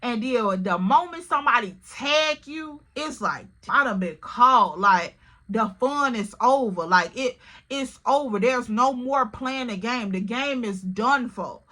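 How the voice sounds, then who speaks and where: A woman's voice: on the high side, expressive, a little slow, a bit bright. A woman telling a personal story to her viewers in a candid, emotional, casual way, often calling the listener "girl". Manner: casual, repeats "like" and "literally". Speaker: storytime vlogger.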